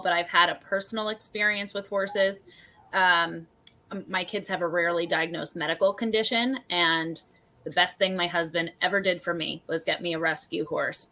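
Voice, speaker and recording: Bright-toned enthusiastic woman. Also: fairly low pitch. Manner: warm, enthusiastic, heartfelt. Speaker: co-host. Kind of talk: casual chat.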